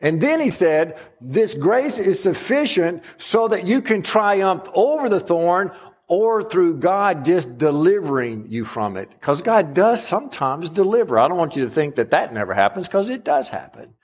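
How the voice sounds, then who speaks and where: A man preaching a sermon as pastor, with dramatic pauses and slowed, emphatic phrases. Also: sits high, very animated, slightly rough.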